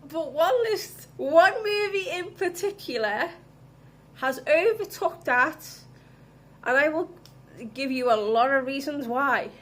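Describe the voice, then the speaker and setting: A woman's voice: high-pitched, lively intonation, slow, fairly bright tone. A woman vlogging, ranting angrily with heavy swearing. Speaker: vlogger reviewing films. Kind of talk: casual ranting vlog.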